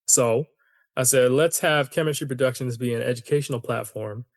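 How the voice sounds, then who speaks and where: A man hosting a solo podcast, ranting in an animated, opinionated way and talking to his listeners as "y'all". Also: mid-range voice, normal speed, no room sound, studio quality. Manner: conversational, addresses listeners as y'all. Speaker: podcast host.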